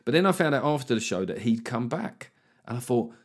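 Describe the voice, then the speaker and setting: A man's voice: medium pitch, expressive, brisk. A middle-aged man, a comedian hosting his own podcast. He chats casually, swears freely and acts out other people's voices as he tells a story. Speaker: podcast host and stand-up comedian. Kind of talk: casual solo podcast monologue.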